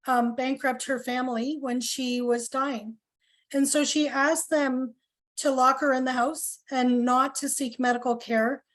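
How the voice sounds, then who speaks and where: A middle-aged woman from Canada giving an earnest, emotional speech at a town hall meeting, with many pauses and apologies. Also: high-pitched. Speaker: health coalition speaker at a town hall.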